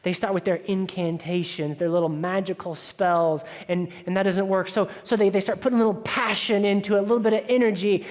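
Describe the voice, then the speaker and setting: A pastor preaching in a reverberant church. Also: male voice, high voice. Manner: conversational storytelling, drops to hushed asides. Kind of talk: sermon. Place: church sanctuary. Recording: church hall with long reverb.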